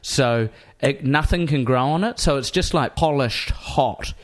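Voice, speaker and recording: New Zealand man telling a lively story. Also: mid-range voice, measured pace. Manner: animated, acts out quoted people. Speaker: comedian guest. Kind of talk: casual storytelling.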